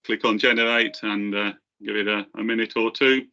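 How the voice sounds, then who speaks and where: A man walks through a software demo on a webinar, voice bright and a little forceful. He hesitates often, restarting phrases and filling gaps with ums. The call audio sounds slightly dull and lo-fi. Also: fairly low pitch, steady tone. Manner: halting, many fillers and restarts. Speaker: presenter from the software team. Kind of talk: webinar presentation.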